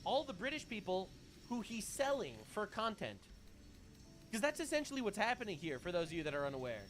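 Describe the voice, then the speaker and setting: A man's voice: sits high, sing-song, brisk, fairly bright tone, faint music behind. A man hosting reaction commentary, full of sarcastic, profane, mocking asides. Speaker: host.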